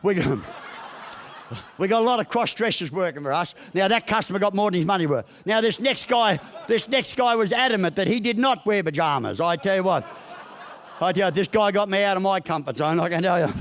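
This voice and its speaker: A middle-aged man with an Australian accent gives a humorous business talk, spinning folksy yarns with blunt mild swearing. His voice sits fairly high for a man. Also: expressive, fairly quick, a bit bright, a little hiss or hum. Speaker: business speaker. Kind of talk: humorous keynote speech.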